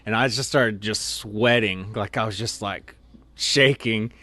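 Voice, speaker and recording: A man's voice: fairly low pitch, a little slow, bright, forceful tone, dry recording. Rambling man telling casual stories. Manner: rambling, heavy use of "like" and "you know". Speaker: storyteller guest. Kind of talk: casual anecdotal storytelling.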